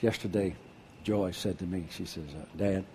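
An older man preaching a sermon, husky-voiced, dropping to a hush and then calling out loud. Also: deep voice, normal speed, a little hiss or hum. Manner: animated preaching, drops to a hush then shouts out. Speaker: pastor.

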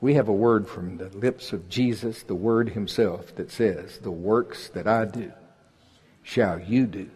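A man's voice: on the low side, a little slow, a little mellow. A man in his sixties from Oklahoma preaching a sermon in a folksy, joking way that builds to emphatic peaks. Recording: husky voice in a large reverberant hall.

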